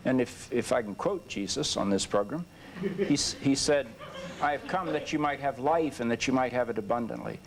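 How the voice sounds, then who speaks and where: A man, a bishop speaking as a guest on a TV panel, earnest and measured. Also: mid-range voice. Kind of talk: panel discussion. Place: TV studio.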